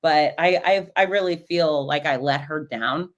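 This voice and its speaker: A woman hosting a show, telling stories in a casual, animated way and acting out the voices of the people in them. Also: sits low, measured pace, muffled recording. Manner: animated, acts out quoted voices. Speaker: podcast host and race announcer. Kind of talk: casual storytelling recap.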